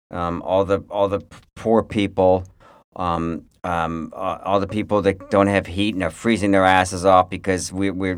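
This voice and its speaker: A man with a very low voice grumbles bluntly through a casual podcast chat. He swears freely and talks in halting restarts. The sound is close and dry. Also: no echo. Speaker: podcast co-host.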